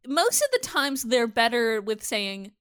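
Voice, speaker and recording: A woman's voice: a little high, big pitch swings, unhurried, fairly bright tone, smooth, no room sound, studio quality. A woman co-hosting a casual podcast, chiming in with wry remarks. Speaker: podcast co-host. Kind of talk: casual chat.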